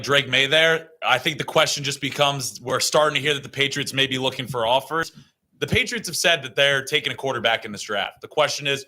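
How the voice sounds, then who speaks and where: Fast bright-voiced young man. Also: mid-range voice. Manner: asks questions, hedging fillers. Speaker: panelist. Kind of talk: casual sports chat.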